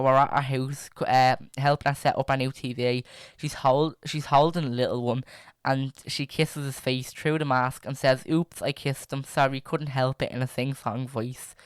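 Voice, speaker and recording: Rambling young man, smooth voice. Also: medium pitch, no echo, clean studio sound. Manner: rambling, many fillers and restarts. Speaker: podcast host reading stories. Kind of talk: casual chat and reading posts aloud.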